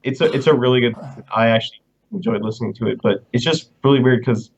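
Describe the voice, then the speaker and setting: A young man calls in to a live stream, his husky, medium-pitched voice moving fast but hesitantly, full of ums and likes. It's a casual call-in chat over lo-fi call audio.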